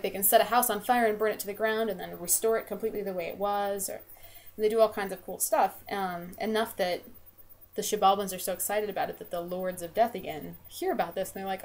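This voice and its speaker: A woman's voice: medium pitch, a little mellow. A woman vlogger retelling a story in a chatty, casual way, with lots of fillers and "they're like.". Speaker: vlogger and game developer.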